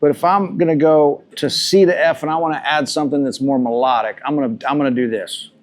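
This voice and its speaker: A man's voice: on the high side, fairly even intonation, quick pace. A man teaching a live guitar masterclass, talking loosely and repeating himself as he thinks aloud between demonstrations. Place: room with a live audience. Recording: guitar music loud behind the voice.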